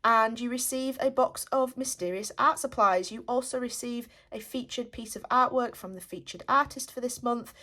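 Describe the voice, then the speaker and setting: A woman talks through an unboxing in a casual, chatty way. She sounds enthusiastic and keeps calling things lovely and very nice. Her voice sits at an ordinary middle pitch. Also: a bit bright. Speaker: art supply reviewer.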